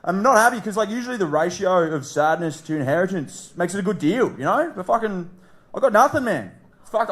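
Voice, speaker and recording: A young Australian man doing stand-up, swearing a lot and grumbling about himself. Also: sits high. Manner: swearing, grumbling, self-deprecating. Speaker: stand-up comedian. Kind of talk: stand-up comedy set.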